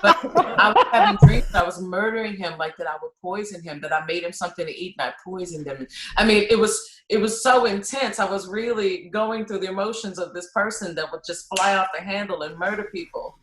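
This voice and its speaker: A woman opera singer chats as a guest, her voice sitting in a mid range. She tells stories with animated energy and scatters "you know" through her talk. She is heard over a video call in a room with a noticeable echo. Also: medium pitch, a little fast. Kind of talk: casual conversation. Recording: roomy echo.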